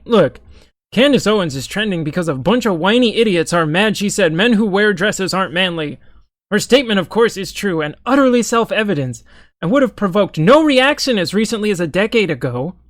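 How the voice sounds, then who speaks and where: A man's voice: high-pitched, a bit bright, dry recording. A young man giving a sarcastic, profane, exasperated running commentary as an online commentator. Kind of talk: ranting commentary.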